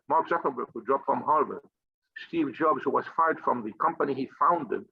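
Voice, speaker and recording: A man with a husky, slightly breathy voice delivers a fiery, profane motivational rant, blunt and combative. The recording is dry and close, with a dull, somewhat lo-fi sound. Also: medium pitch, no room sound. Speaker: finance group leader. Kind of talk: impassioned motivational monologue.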